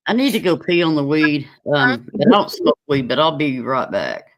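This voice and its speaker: A man's voice: a little high, animated, moderate pace, a bit bright, poor audio. A man in a casual livestream chat, teasing the others and laughing often. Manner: giggly, teasing.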